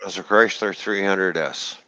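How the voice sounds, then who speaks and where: A man's voice: low-pitched, fairly even intonation, a little slow, pushed and bright, clear, resonant tone, no echo, muffled recording. A man chatting casually on a live stream, joking and rambling through car engine details. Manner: rambling, jokey, explains car engine specs. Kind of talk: casual chat.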